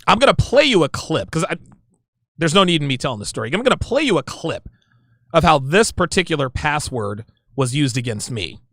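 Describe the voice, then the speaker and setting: Man, podcast host, lively swooping delivery, slightly high voice, casual and emphatic, dry close sound. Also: a little fast, no room sound. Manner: emphatic, casual, addresses listeners as guys. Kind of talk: solo commentary monologue.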